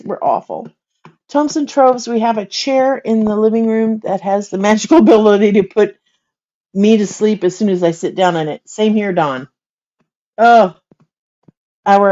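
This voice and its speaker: A woman's voice: mid-range voice, mellow, lo-fi sound. An older woman, an author hosting a casual livestream, chatting and laughing often while she coos at a baby.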